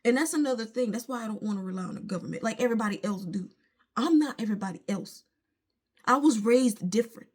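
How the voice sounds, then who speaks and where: A woman's voice: a little high, lively intonation, fast, husky. A woman, venting her frustration emphatically to a phone camera at home. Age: late 20s. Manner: frustrated, emphatic ranting with religious asides. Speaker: vlogger. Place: at home, indoors.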